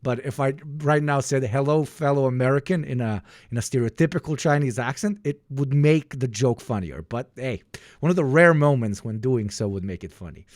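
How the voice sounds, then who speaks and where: A man's voice: medium pitch, expressive, normal speed, no room sound, clean studio sound. A man live-streaming and reacting to clips with sarcastic, profane jokes.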